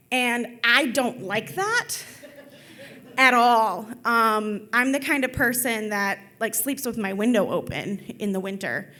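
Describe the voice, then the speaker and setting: Young woman storyteller, high voice, chatty and loose, lots of filler. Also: fairly bright tone. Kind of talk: live storytelling.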